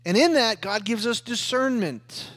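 A middle-aged man preaching a sermon, telling his own story with loud emphasis and hushed asides. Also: very high-pitched, lively intonation, unhurried. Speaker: pastor.

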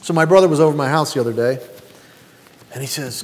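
A man's voice: fairly high pitch, fast, darkish tone. A man in his fifties preaching a sermon as pastor, throwing rhetorical questions at the congregation. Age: 50s. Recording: long hall reverb.

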